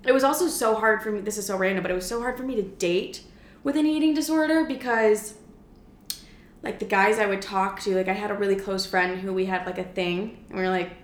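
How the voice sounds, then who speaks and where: A young woman talks candidly in a casual podcast chat, telling her story in an animated ramble. Her voice sits in a middle range. The room is echoey with a faint hiss behind her. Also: mid-range voice, a little fast. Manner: chatty, frequent "like", animated retelling.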